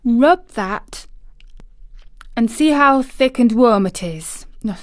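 Raised, urgent little girl in a storybook, startled but bold, read by a woman; slow, dry read. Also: fairly high pitch, animated, no echo, pitched above the performer's own voice. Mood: startled, eager.

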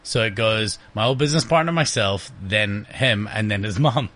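A podcast guest with a lowish voice talks at a normal speed, casually swapping stories. He laughs often, swears now and then, and keeps his anecdotes lively.

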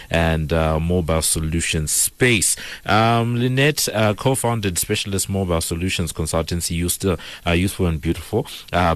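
A man hosting a business radio talk show, talking with many fillers and pauses. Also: deep voice, dry recording.

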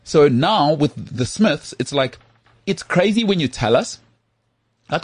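Animated husky South African man. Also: a little high, unhurried, dry recording. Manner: animated, rhetorical, asks for agreement often. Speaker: podcast host. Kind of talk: casual podcast chat.

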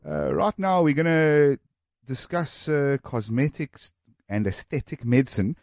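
A man's voice: fairly high pitch, unhurried, vocal fry, no echo. Man hosting a radio health show. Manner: relaxed, filler-heavy, stumbling restarts. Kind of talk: casual radio interview. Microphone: studio microphone. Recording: slightly dull radio studio sound.

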